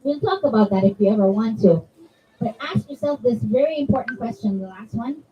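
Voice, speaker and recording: A woman's voice: on the high side, expressive, a little fast. A woman giving a conversational religious talk at a children's gathering, chatting with the kids and asking them questions. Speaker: zakira addressing a children's majlis. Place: community center hall. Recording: distant, dull mic with faint room ambience.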